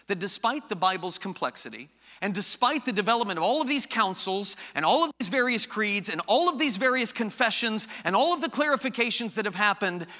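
A high, bright male voice preaching with lively swings in pitch, firing off rhetorical questions and playful asides. His sermon rings out with a long hall reverb behind it. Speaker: pastor.

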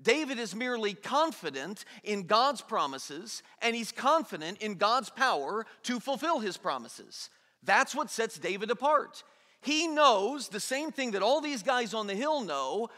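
A man preaching a sermon in an animated way, acting out the people in the story in everyday voices. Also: high voice. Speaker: pastor. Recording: long hall reverb.

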